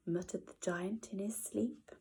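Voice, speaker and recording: Slow, expressive nursery teacher woman. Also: mid-range voice, low-quality recording. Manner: expressive, with gasps and hushed whispers. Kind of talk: reading a storybook to young children.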